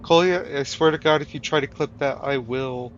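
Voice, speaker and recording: A man's voice: mid-range voice, moderate pace, muffled recording, slight background noise. A man streaming a game live, chatting casually and teasing his viewers. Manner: joking, teasing chat, mock British phrases. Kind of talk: casual live gameplay commentary.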